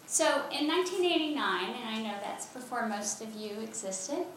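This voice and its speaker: An older woman from Texas with a Texas accent, preaching a lively, conversational sermon with laughs and asides as a former campus chaplain. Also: fairly high pitch, moderate pace. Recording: echoey hall from a distance, faint noise.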